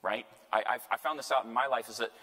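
A man's voice: medium pitch, fairly even intonation, fast talker, sharp tone. A man, a priest, teaching a Bible class in a conversational way, often asking the group questions and checking in with "right?". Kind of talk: parish lecture on scripture. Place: church hall. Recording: long hall reverb.

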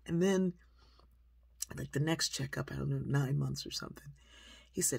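A woman telling a personal story in a lively, conversational way, acting out the people in it. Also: sits low, normal speed, vocal fry, breathy edge, dry recording. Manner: lively, conversational, acts out quotes. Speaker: speaker, storyteller.

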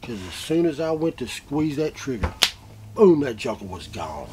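Animated man retelling an encounter. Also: mid-range voice, normal speed, noisy background. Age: adult, a father. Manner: animated, repeats himself, swings from loud to hushed. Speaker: eyewitness interviewee. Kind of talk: emotional first-person retelling.

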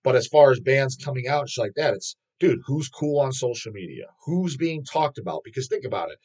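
A man with a husky, slightly raspy voice at an ordinary middle pitch rants to his channel's viewers. His delivery is blunt, and he swears through nearly every sentence. It has the loose, unscripted feel of a casual vlog. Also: a little mellow, poor audio. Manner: blunt, profane, opinionated. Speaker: metal channel host. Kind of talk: casual rant to camera.

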